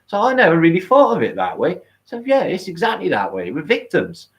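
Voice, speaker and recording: A British-accented man hosts a casual livestream, rambling, swearing and thanking viewers by name. His voice sits high, swoops wildly in pitch, and moves a little fast.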